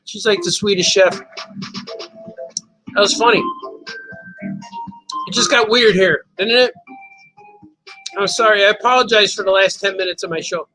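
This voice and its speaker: A man with a high, bright voice hosts a casual live stream. He rambles from one joke to the next and laughs at his own stories. Soft music plays faintly behind him. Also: brisk, low-quality recording. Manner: rambling, jokey, laughs often. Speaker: cartoonist hosting a live show.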